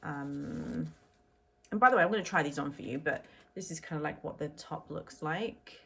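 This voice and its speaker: A woman's voice: low-pitched, normal speed, vocal fry, fairly bright tone, slightly rough. A middle-aged woman vlogging a clothing unboxing in a chatty, rambling way with lots of ums. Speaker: fashion vlogger. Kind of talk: casual unboxing chat to camera.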